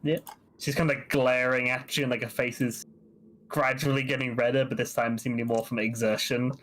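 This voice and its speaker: A man's voice: medium pitch, a little fast. Laughing male game master. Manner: relaxed, laughs often, filler-heavy. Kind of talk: narrating a tabletop game.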